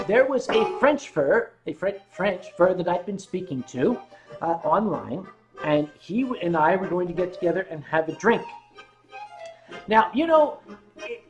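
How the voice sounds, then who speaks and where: An American man hosting a livestream and telling a rambling, self-mocking story, with now and then a cleared throat. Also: high-pitched, rough recording. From United States. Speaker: host.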